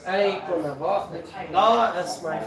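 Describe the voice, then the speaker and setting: A man's voice: sits high, slow, reverberant, a crowd in the background. A man from South Africa chatting casually on a livestream while he cooks in his kitchen, swearing freely as he talks. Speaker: streamer cooking.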